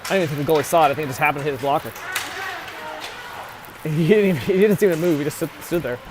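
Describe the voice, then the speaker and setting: A man's voice: on the high side, very fast, background noise. A man giving casual play-by-play of a youth hockey game, chatty and often correcting himself on player names. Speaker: amateur play-by-play commentator. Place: ice rink.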